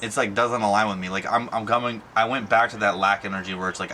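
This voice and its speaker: A man's voice: fairly low pitch, fairly even intonation, brisk, sharp tone, slight background noise. A young man talking in a casual personal vlog, rambling and emotional, with many fillers and restarts. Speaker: vlogger.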